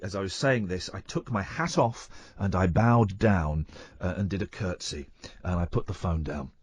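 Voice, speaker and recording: A man's voice: sits low, husky. A man hosting a radio show, chatting casually and teasing his co-host. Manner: playful, teasing, quick to joke.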